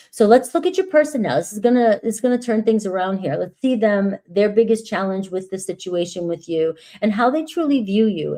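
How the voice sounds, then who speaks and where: A woman giving a live tarot reading in a husky morning voice, chatty and reassuring, often checking in with "right?". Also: mid-range voice, dark tone. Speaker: tarot reader.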